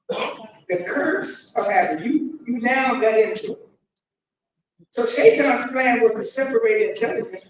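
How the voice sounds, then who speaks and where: A man delivering a sermon, addressing his congregation and building to shouted emphasis. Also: extremely high pitch. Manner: preaching with rising shouted emphasis. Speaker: imam. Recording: echoey hall, mic from far off.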